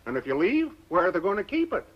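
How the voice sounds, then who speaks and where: A man's voice: high-pitched, wildly swooping pitch, fast talker, exaggerated voice. A chatty, teasing frontier townsman. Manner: folksy, teasing. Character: chatty male townsman customer. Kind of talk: 1950s TV western acting. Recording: muffled old TV soundtrack.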